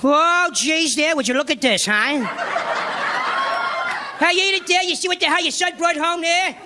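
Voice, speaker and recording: A man's voice: extremely high pitch, normal speed, background noise, voice pushed up. A man acting out a drunk, grumbling older father who blusters in outrage. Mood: outraged. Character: drunk grumbling old Irish-American father. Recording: live club set with crowd laughter.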